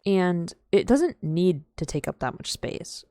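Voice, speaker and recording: A woman's voice: lowish voice, sing-song, a little slow, mellow, no echo, clean studio sound. A young woman live-streaming a game, rambling in casual chat and full of "like" fillers. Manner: rambling, heavy use of "like" fillers; chatty and playful.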